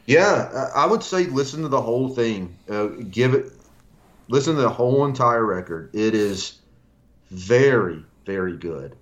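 A man's voice: mid-range voice, expressive, a little slow, lo-fi sound. A man co-hosting a casual music podcast, rambling with restarts as he recommends a band. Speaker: podcast co-host.

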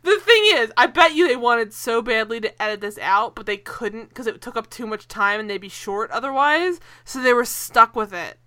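Animated high bright-voiced woman. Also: moderate pace, hardly any pauses. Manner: animated, laughing, swears freely. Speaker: podcast co-host. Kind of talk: casual TV recap chat.

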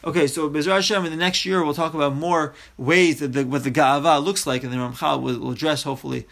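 A man's voice: a little high, fairly even intonation, fast, vocal fry, a bit bright. A man teaching a Torah text study class, reading Hebrew phrases aloud and then explaining each one in English.

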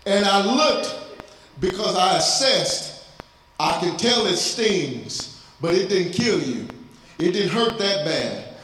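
A man's voice: high-pitched, lively intonation, takes it slowly, a bit bright. A man preaching a sermon as pastor, speaking of fatherhood and lifting his voice into pleading prayer. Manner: preaching, rising to cries in prayer. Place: church sanctuary. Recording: very echoey church hall, faint noise.

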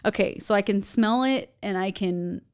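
Woman in her 30s, a mom, chatting easy and agreeable, mid-pitch voice. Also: moderate pace. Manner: agreeable, reflective, speaks as a parent. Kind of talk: casual chat.

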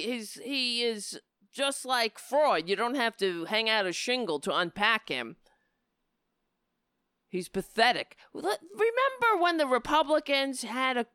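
A woman's voice: sits high, sharp tone, clean tone, no room sound. A woman delivering a sarcastic, scornful political rant on a close mic, often slipping into mocking voices. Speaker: political commentator.

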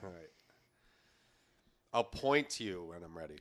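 Animated comedian in loose podcast banter. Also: male voice, low voice, measured pace, no echo. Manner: animated, self-mocking banter. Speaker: stand-up comedian. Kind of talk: casual joking chat.

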